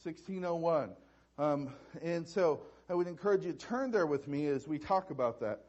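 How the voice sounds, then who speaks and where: A man preaching a sermon as pastor, halting and restarting with repeated words. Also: a little high, animated, a little mellow, muffled recording.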